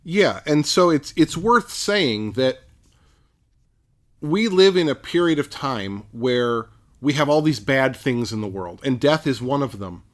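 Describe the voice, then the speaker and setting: A man co-hosting a podcast, explaining background in a measured way during a casual Bible discussion. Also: medium pitch, expressive. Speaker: podcast co-host.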